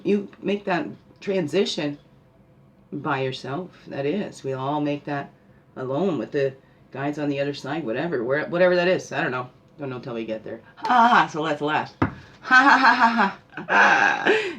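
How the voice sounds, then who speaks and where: Animated woman giving spiritual guidance. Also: low-pitched, slight background noise. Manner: animated, laughs often, asks the listener questions. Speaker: spiritual guide and podcast host. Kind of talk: casual spiritual talk.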